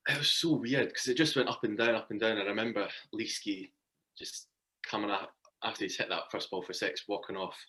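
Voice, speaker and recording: A man's voice: fairly low pitch, fairly even intonation, fairly quick, pushed and bright. A cricketer, a man, telling match stories in a casual chatty interview and laughing often. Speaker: cricketer, guest.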